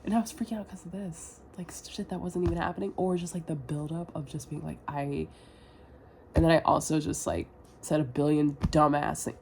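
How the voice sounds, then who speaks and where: A young woman talks through a confessional vlog in a fairly low voice. She rambles and doubts herself out loud, stacking filler words and casual swearing as she goes. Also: normal speed, slightly rough. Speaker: vlogger.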